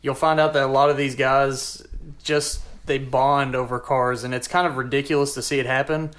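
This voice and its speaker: A man's voice: mid-range voice, level tone, normal speed, fairly bright tone. A man guesting on a casual movie podcast, speaking in an earnest, rambling way. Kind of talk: casual chat.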